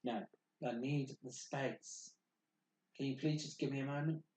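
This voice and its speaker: A man voicing a timid, worried female pony who speaks softly and hesitantly. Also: medium pitch, fairly even intonation, unhurried, close to an everyday voice. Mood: remorseful. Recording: echoey room.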